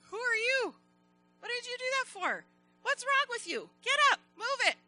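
A rude, mocking reporter from a children's storybook, as a woman puts it on, barking scolding questions. The voice is high, shrill and very bright, with faint music under it. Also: big pitch swings, normal speed, full character voice, rough recording.

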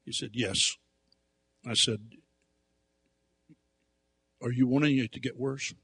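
A man preaching through a personal story, animated, dropping to quiet asides and rising to loud emphatic outbursts. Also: mid-range voice, slow, slightly rough, no echo. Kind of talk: storytelling sermon.

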